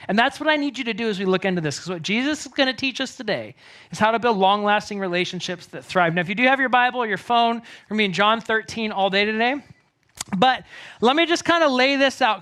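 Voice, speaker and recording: A man, preaching a sermon as a pastor in a casual, animated storytelling way. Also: sits high.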